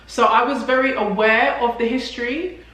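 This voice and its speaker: A woman's voice: on the high side, steady tone, moderate pace, a bit bright. Chatty young London woman, echoey room. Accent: London English. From England. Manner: chatty, many "like" fillers and restarts. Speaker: vlogger. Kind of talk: casual chat to camera.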